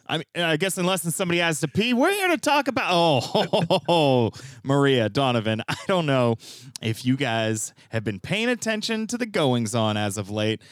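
Playful man with a lively voice. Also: high-pitched, no echo, clean studio sound. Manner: playful, laughs often. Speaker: podcast co-host. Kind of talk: casual chat.

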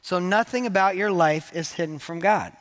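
A man's voice: high-pitched, moderate pace, a bit bright. A man preaching a sermon to his church in a conversational, joking way, acting out the quoted lines. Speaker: pastor.

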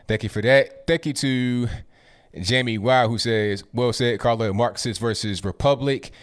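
A man in his twenties or thirties runs a live stream, reading out viewer messages one after another in a mid-pitched everyday voice. He tosses off short, casual reactions between them, speaking close to a desktop mic. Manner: casual, quick asides after each message. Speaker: political commentary host reading viewer messages.

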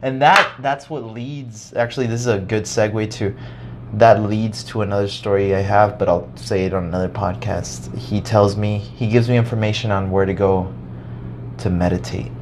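A man's voice: lowish voice, fairly even intonation, moderate pace, background noise. Rambling, laughing young man telling a story. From United States. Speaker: podcast co-host. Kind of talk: casual chat.

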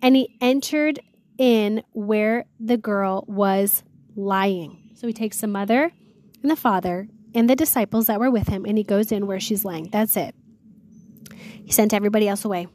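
A woman's voice: medium pitch, normal speed, a little mellow. A woman reading Bible verses aloud and retelling them in casual, slangy words, earnest and awed, as host of a devotional series. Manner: reads scripture aloud, then retells it in chatty slang; earnest, awed, often exclaims "wow".

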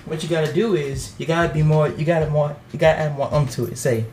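A young man co-hosting a podcast in casual banter, loud, joking and profane. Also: on the high side, fairly even intonation, quick pace, hardly any pauses, faint music behind. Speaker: podcast co-host.

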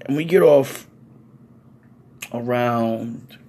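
A young man telling a funny story on a podcast, profane, animated and playful. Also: medium pitch, drawn-out words. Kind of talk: comedic storytelling.

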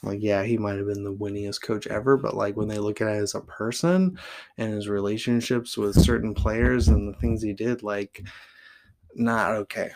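Podcast host, man, 30s, from Oregon; rambling, profane, casual storytelling with a gravelly low voice. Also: steady tone, moderate pace, darkish tone. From Oregon, USA. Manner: rambling, fills with "like" constantly, blunt and profane.

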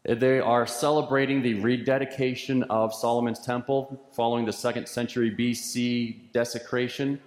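A pastor preaching a sermon with an earnest, repetitive preaching cadence, heard in a church sanctuary. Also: male voice, on the low side, darkish tone. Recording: echoey church hall with long reverb.

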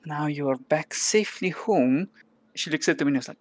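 A woman's voice: sits low, moderate pace. A woman narrating a tabletop role-play game as game master, describing the scene in a chatty, descriptive way with frequent fillers.

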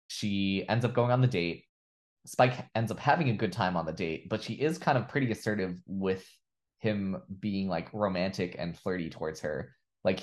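A man co-hosting a podcast, casually recapping a TV episode in a relaxed storytelling way. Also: on the low side. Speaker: podcast co-host.

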